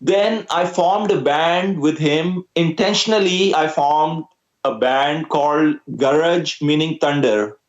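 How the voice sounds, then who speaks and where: Young Pakistani-accented man, Urdu native, musician guest; slightly high voice, hesitant, echoey muffled audio. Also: slow pace. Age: young adult. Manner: hesitant, many uh fillers. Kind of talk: casual interview talk.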